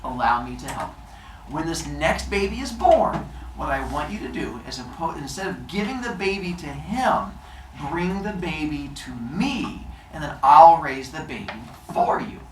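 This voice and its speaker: Woman playing scheming earth-mother granny, calm and low, heard from afar. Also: moderate pace, slight background noise. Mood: wise. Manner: low, calm, conspiratorial advice. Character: old earth goddess grandmother, calm schemer. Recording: echoey room, distant mic.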